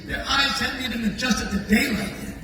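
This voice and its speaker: An older man, a guest entertainer, telling a story in an animated, chatty way and acting out the voices of the people in it. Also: very high voice, a little fast, noisy background. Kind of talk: storytelling anecdote. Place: large echoing tunnel venue. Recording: echoey hall from far off, with crowd.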